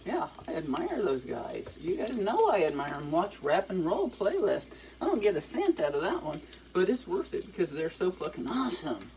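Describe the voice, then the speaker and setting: An older woman talks while she cooks in her home kitchen. Her voice sits low but swoops up and down a lot as she rambles and swears without holding back. A pan sizzles faintly underneath. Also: huge pitch swings, normal speed, a little mellow, slight background noise, low-quality recording. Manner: profane, candid, rambling. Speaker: cooking vlogger. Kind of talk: casual rambling monologue while cooking. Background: sizzling frying pan.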